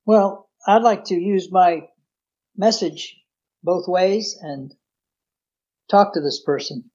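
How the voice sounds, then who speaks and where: A man's voice: high voice, takes it slowly, darkish tone. A man playing a tabletop game, asking questions in an earnest way. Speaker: player. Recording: muffled lo-fi mic.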